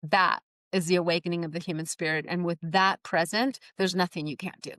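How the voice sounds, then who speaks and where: A woman's voice: fairly low pitch, fairly even intonation, fairly quick, fairly bright tone, no room sound. A middle-aged woman, the guest, telling stories animatedly in an interview and acting out the voices she quotes. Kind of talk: podcast interview storytelling.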